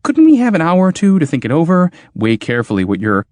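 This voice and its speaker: A man's voice: on the high side, wildly swooping pitch, fast talker, a little mellow, no room sound, pitched above the performer's own voice. A man voicing a timid male inventor who stammers in a weak voice. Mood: nervous.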